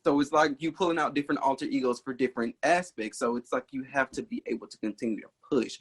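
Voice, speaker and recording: A man with a Southern Atlanta accent speaks as a guest in a casual online interview. His voice is a little husky, and he lays out his thoughts earnestly and at length. He sounds relaxed and sincere. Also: mid-range voice, fast talker. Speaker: singer, dancer and songwriter guest.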